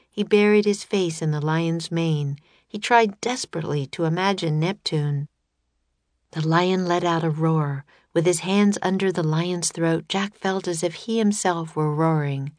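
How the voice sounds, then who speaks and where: A woman reading a children's adventure story aloud in a steady, scripted narration. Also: on the low side, no room sound. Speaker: audiobook narrator.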